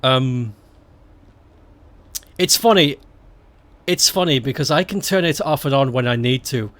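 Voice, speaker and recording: Brief: young male game streamer, raised in Stoke, relaxed drawl, candid and profane. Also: medium pitch, a little slow. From Stoke-on-Trent, England. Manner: swears a lot, laughs often, rambling and candid. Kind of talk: casual live-stream chat while gaming.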